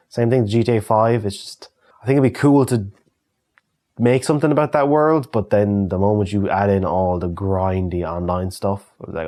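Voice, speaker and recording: A man's voice: on the low side, normal speed, mellow. An Irish man in his thirties, chatting casually and answering viewer questions with loose, swearing humour. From Ireland. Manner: chatty and swears freely, reads questions aloud. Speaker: YouTube creator answering fan questions. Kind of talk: casual solo Q&A chat.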